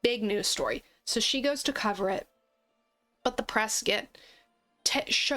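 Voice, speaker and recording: A woman's voice: mid-range voice, a little slow, pauses often, bright, forceful tone, faint music behind. A woman hosting a gaming channel, chatting casually and playfully with frequent giggles as she plays. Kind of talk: casual gameplay chat.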